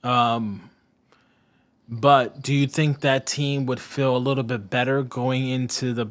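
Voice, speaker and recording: A man's voice: mid-range voice, flat delivery, a little slow. A man co-hosting a casual sports podcast, rambling and sarcastic, often stopping to search for a name. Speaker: podcast co-host.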